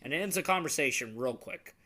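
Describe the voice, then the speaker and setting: A man's voice: fairly high pitch, expressive, a little fast, pushed and bright. A young man chatting casually on a couple's vlog, earnest and rambling, with many restarts. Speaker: vlogger.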